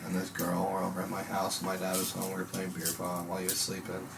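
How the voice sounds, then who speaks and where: A young man with a very low voice tells a long, winding story in casual chat, swearing freely and slipping into loud, high impressions of himself. There is a faint hiss of noise behind him. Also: completely flat delivery, fast talker, vocal fry. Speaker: podcast host.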